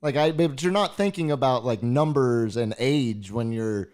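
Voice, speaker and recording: A man's voice: mid-range voice, normal speed, a little mellow. A man co-hosting a podcast, talking in casual chat in a reflective, hesitant way with many fillers.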